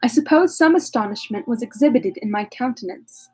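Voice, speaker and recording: A woman's voice: fairly high pitch, expressive, fairly quick, a little mellow, breathy edge. A woman reading a classic novel aloud, breaking off now and then for wry, joking asides. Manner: wry asides, laughs at herself. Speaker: reader.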